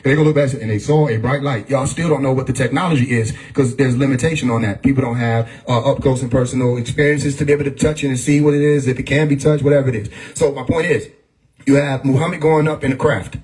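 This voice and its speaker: A man's voice: medium pitch, steady tone, fast, a little mellow. Guy preaching on a live stream, casual, laughs a lot, keeps saying stay with me. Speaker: livestream host. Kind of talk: casual livestream monologue.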